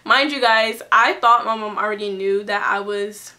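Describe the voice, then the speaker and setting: A woman's voice: mid-range voice, fairly even intonation, normal speed, pushed and bright. A young woman telling a personal story to her camera in a casual, chatty way, full of fillers and restarts. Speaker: vlogger.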